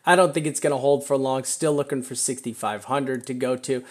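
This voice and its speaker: A man hosting a live stream, talking through trading charts in a rambling, excitable way and laughing often. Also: mid-range voice, a little fast. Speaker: crypto chart analyst host.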